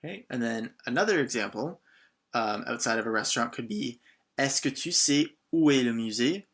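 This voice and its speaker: A man narrates a scripted beginner language lesson in an expressive, mid-range voice at normal speed with a slightly bright tone. Patient and encouraging, he gives lots of short prompts and repetition, switching between English and French phrases.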